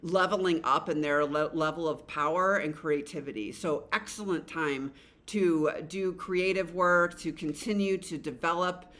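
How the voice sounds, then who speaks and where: Middle aged woman doing a tarot reading, rambly and casual, cusses a bit, bright voice. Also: sits low, measured pace. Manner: chatty, rambling, frequent fillers and restarts; swears casually. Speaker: tarot reader.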